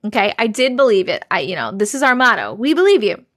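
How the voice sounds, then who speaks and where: A woman's voice: medium pitch, fast, no room sound, clean studio sound. A woman hosting a live stream, reading viewers' scary stories aloud and reacting to chat. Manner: expressive, reacts with gasps and laughs between reading.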